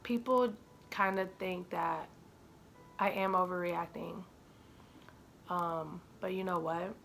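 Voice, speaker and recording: A young woman speaking to her viewers as a mother, halting and tearful, with many ums and likes as she holds back tears. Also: on the low side, steady tone, gravelly, a bit bright, slight background noise. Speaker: mother vlogger. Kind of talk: emotional personal vlog to viewers.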